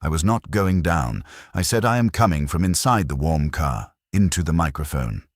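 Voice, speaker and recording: A man with a remarkably low, heavy voice narrates a first-person horror tale. He speaks in a measured, somber, confessional way. The sound is dry and close, with no room echo. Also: animated.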